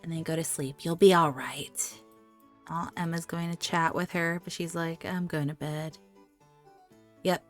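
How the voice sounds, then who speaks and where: A woman's voice: on the low side, fairly even intonation, moderate pace, faint music behind. A woman giving casual let's-play commentary on her life-sim game, chatting to her characters and cooing over the animals. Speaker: gaming YouTuber.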